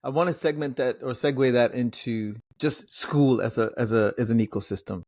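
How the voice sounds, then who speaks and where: Male podcast co-host, thoughtful questioner, mid pitch, dry mic. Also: normal speed, a little mellow, no echo. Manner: thoughtful, searching for words when asking questions. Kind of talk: casual podcast conversation.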